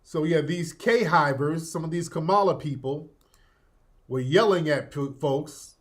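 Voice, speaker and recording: Animated man ranting in slangy street talk. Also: a little high, a little slow. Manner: animated, slangy, emphatic with sudden loud outbursts. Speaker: political commentary streamer. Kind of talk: casual political commentary.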